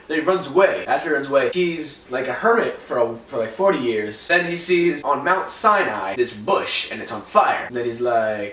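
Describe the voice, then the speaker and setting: A man's voice: mid-range voice, lively intonation, normal speed, hardly any pauses, fairly bright tone. A young man retelling a story in a rambling, jokey way, recorded in a roomy space from far off the mic. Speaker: vlogger. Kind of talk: comic retelling.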